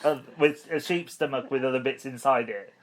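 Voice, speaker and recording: A woman's voice: a bass voice, moderate pace. A woman co-hosting a podcast in casual comedy chat, playful and laughing through her lines. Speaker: podcast co-host.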